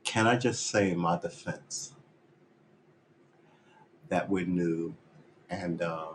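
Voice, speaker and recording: A man's voice: low voice, slow pace, pauses often, a little hiss or hum, rough recording. A man live-streaming his guitar practice, chatting in a rambling, jokey, self-mocking way. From United States. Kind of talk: casual live-stream chat.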